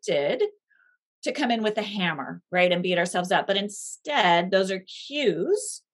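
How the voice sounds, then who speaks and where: A woman speaks as an invited author in a faith-based conversation, laying out her ideas patiently and thoughtfully. She often lifts her pitch sharply to stress a word, then settles back to a middle register. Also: measured pace. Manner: thoughtful, explanatory, lively pitch swings for emphasis. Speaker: guest author.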